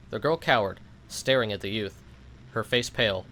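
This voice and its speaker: A man's voice: fairly low pitch, moderate pace, sharp tone. A young man narrating a game's story aloud, reading the text in a casual way and breaking in with joking reactions. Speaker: let's play host.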